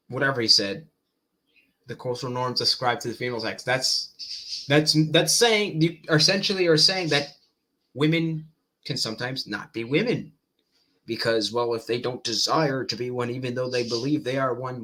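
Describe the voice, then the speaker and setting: A man talks through a debate clip he is watching, stopping and restarting, repeating words as he thinks aloud. His voice is very bright and sharp, in a mid pitch. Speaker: commentator reacting to a debate clip. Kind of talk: casual reaction commentary.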